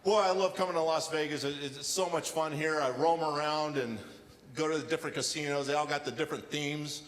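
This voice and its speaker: A man performing a stand-up comedy set with deadpan storytelling and acted-out quotes, on a casino showroom stage. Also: on the high side, fairly quick. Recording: live hall reverb with faint ambience.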